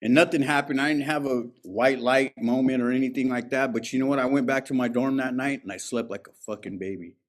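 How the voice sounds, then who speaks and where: A man with a mid-range voice tells his recovery story at an alumni meeting, fairly quick and with few pauses. His testimony is candid and laced with streetwise profanity.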